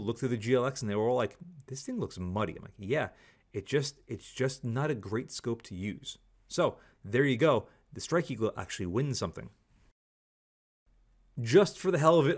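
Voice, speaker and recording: A man giving a candid, opinionated product review, talking casually and repeating stock phrases. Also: mid-range voice. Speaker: scope reviewer.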